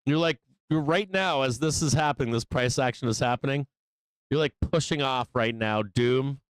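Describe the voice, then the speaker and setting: A man's voice: mid-range voice, normal speed, clean tone, dry recording. A man hosting a live trading stream, swearing, laughing and teasing the other side of the market in casual commentary. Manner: profane, laughing, playfully mocking.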